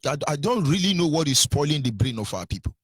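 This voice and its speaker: A man's voice: fairly high pitch, very animated, quick pace, husky, no echo. A man with a Nigerian accent giving impassioned radio commentary, scolding his listeners with repeated rhetorical questions and stumbling over fillers.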